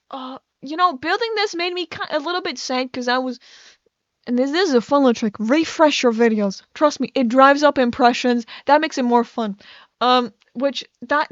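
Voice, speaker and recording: A woman's voice: a little high, fairly bright tone, dry recording. Young woman, native Dutch speaker, rambling gameplay chatter, stammered restarts, slightly dull recording. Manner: rambling, self-interrupting, frequent stammered restarts. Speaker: gaming YouTuber. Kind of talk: casual rambling commentary while playing.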